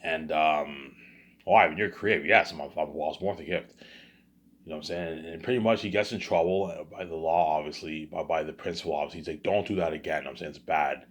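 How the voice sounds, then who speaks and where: A man's voice: a bass voice, steady tone, quick pace. A man talking in a casual vlog monologue, rambling and often repeating words and restarting his sentences. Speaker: vlogger.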